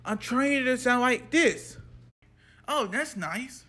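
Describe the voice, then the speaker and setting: A man's voice: very high-pitched, expressive, takes it slowly, bright, forceful tone. A man acting out a playful homemade skit, switching between put-on character voices.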